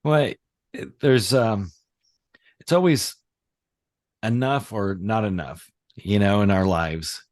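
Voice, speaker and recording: A middle-aged man talking casually on a podcast as host, rambling and animated, with many fillers and restarts. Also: fairly low pitch, slow pace, pauses often, no echo, clean studio sound. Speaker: podcast host, reality surfing teacher.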